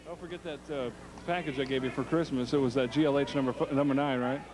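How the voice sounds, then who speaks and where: Folksy color commentator. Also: male voice, medium pitch, fairly even intonation, fast, background noise. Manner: drawling, folksy, hesitant.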